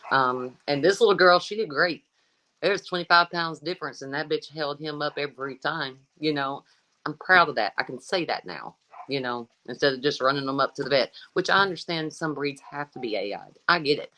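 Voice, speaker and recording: A woman's voice: low-pitched, lively intonation, a little fast, pushed and bright, low-quality recording. Blunt, folksy woman dog breeder. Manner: folksy, blunt, swears freely. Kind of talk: casual interview talk.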